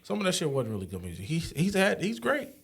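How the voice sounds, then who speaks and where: A man's voice: on the high side, huge pitch swings, fast talker, gravelly, husky. A man co-hosting a podcast in casual chat. He is blunt in his opinions and circles back over his words while telling a story. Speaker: podcast co-host. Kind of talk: casual album review chat.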